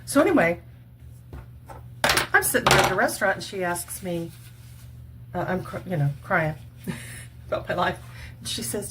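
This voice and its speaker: An earnest, chatty woman in her sixties speaks straight into a camera mic at home. Her voice sits a little low, and she laughs easily as she talks. A faint hum runs under the recording. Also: animated, normal speed, long pauses. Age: 60s. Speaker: vlogger. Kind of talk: casual makeup chat and testimony.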